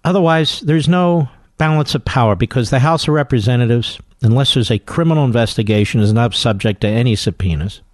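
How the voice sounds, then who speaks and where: Man, talk radio host, combative, emphatic, deliberate stresses, mid pitch, dry studio sound. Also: no room sound.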